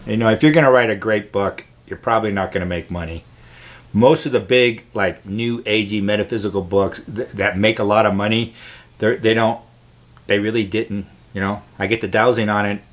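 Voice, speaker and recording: A man's voice: fairly low pitch, a little fast. A man hosting his own show, giving an earnest, rambling spiritual monologue to camera with many restarts. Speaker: host.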